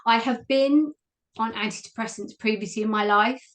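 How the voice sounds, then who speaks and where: A woman's voice: fairly high pitch, normal speed. A woman, a guest speaking openly and reflectively about her own life, often laughing. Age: 40s. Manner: open, reflective, laughs easily. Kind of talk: candid personal conversation.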